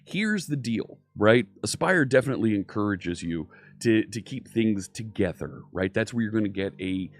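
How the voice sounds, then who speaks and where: A man with a lowish, animated voice talks at normal speed with few pauses, recorded with no echo. Hailing from Philadelphia, USA, and lightly accented, he teaches programming in a casual, upbeat stream from his home studio, welcoming viewers by name over faint synthwave music.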